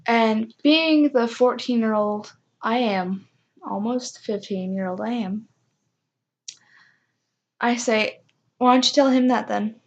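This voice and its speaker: Young woman vlogger, highish voice, chatty storyteller, lo-fi sound. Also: slow pace, long pauses. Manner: chatty, self-mocking, acts out quoted voices. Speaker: vlogger telling a personal story. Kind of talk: casual storytime chat.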